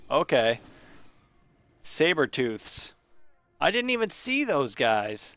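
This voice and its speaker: A man's voice: fairly high pitch, big pitch swings, slow pace, creaky, pauses often, fairly bright tone, no room sound, muffled recording. A man hosting his gaming channel, chatting and rambling through his gameplay and talking to the animals in the game. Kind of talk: casual gameplay commentary.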